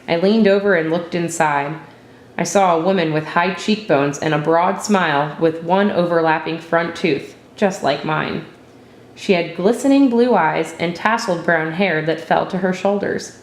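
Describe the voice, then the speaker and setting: Low-voiced woman reading a story aloud. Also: echoey room. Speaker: narrator.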